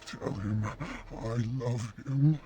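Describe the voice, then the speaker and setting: An actress voicing a cursed female elf who is turning into a werewolf, pleading through pain in a strained, gravelly voice. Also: very deep voice, takes it slowly, noisy background. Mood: anguished pleading. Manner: pleading, anguished.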